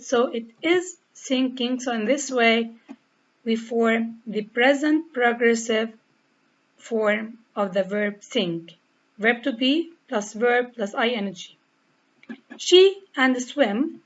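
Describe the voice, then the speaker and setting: Lebanese woman teacher, deliberate and slow, spells words out letter by letter, muffled lo-fi sound. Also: a little high. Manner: spells out letters and repeats each rule step by step. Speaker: English teacher. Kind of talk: slow, deliberate grammar lesson. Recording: dull lo-fi recording.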